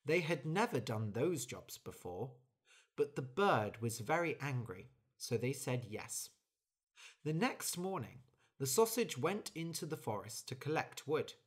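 A storyteller reading a children's story slowly and clearly for English learners. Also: mid-range voice. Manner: clear, deliberate, expressive.

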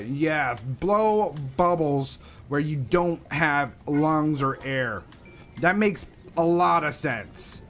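A man giving casual, sarcastic let's-play commentary, animated and swearing often. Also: fairly high pitch, slow pace, slight background noise. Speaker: gaming video host.

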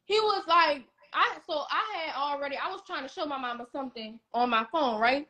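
A young woman, telling her own story in a blunt, animated, casual way and often repeating herself. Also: high-pitched, fairly quick.

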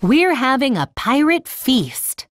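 A woman voicing a cheerful teacher in an animated children's story, speaking in a friendly, clear, instructive way. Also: high voice, slow pace, slight background noise, full character voice. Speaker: teacher at a kids' center.

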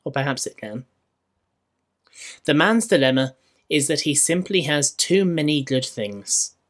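A man with a Scottish accent preaching a sermon in church, measured and rhetorical, with dry humour. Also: on the high side, fairly bright tone. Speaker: minister.

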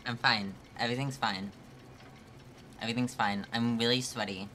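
Male streamer, mid pitch, bright tone, live gameplay commentary full of curses and nervous laughs. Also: steady tone, normal speed, a little hiss or hum. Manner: frequent swearing, laughing through frustration; talks to chat, thinking aloud. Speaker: game streamer.

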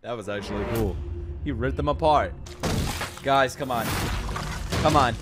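A man's voice: medium pitch, a little slow. A man hosting an anime reaction, exclaiming, swearing and joking as he watches. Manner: animated, exclaiming, swearing, cracking jokes. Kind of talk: live anime reaction commentary. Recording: show's music playing behind the voice. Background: anime soundtrack music.

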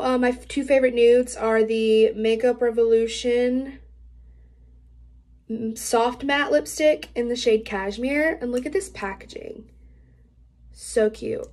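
Young woman, slightly high voice, casual gushing beauty vlogger, heavy on filler words. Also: a little mellow. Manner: bubbly, gushing, many "like" fillers. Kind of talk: casual product review. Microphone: camera mic.

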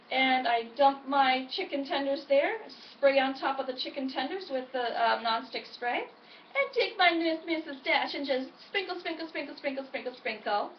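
A woman's voice: high voice, a little hiss or hum. A woman, chatting upbeat and encouraging in a casual vlog from home. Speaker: weight-loss vlogger. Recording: echoey, distant, dull home recording.

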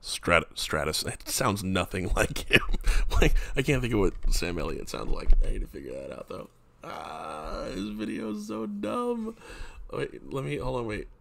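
A man's voice: lowish voice, wildly swooping pitch, normal speed, creaky, sharp tone, a little hiss or hum. A man rambling casually and self-mockingly into a close mic, trying out voices as he talks. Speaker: vlogger. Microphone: desk mic up close.

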